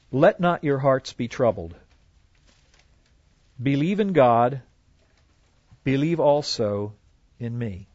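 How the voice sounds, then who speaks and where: A man's voice: medium pitch, darkish tone, no echo. Earnest male Bible teacher, dry lo-fi sound. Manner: earnest, with frequent fillers and restarts, quoting scripture. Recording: dry, dull lo-fi recording.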